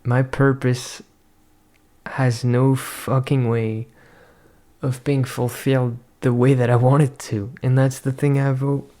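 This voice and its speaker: Young male vlogger, non-native English, flat monotone delivery, swearing, soul-searching rant. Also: medium pitch, slow. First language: not English. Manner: profane, ranting, introspective. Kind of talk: rambling personal monologue.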